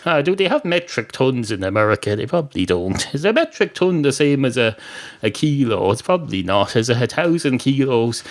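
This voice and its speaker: A man's voice: mid-range voice, big pitch swings, a little fast. An Irish man hosting a podcast in a rambling, digressive comic monologue that mocks himself. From Ireland. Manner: rambling, digressive, self-mocking. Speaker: podcast host.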